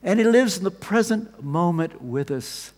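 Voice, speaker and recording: A man preaching a sermon, telling the story with animated swings between loud emphasis and quiet asides. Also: high voice, measured pace. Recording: long reverb of a large hall.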